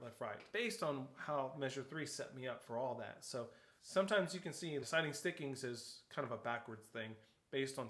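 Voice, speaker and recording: A man's voice: mid-range voice, a bit bright. A man teaching a percussion lesson, explaining step by step, counting aloud and calling out notes and stickings. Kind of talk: instructional tutorial. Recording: echoey room with faint noise.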